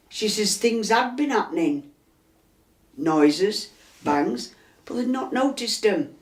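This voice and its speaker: In a storytelling interview recorded with a roomy echo, an elderly resident with a Yorkshire accent recounts events from inside her house and voices the characters herself. Her tone sits in the mid-range and sounds a little mellow, with a chesty cough.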